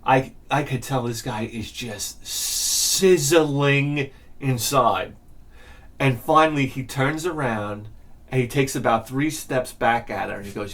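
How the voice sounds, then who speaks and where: A man's voice: medium pitch, takes it slowly, a bit bright. A man hosting his show, telling a profane story in a casual rant and laughing along with it. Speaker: host.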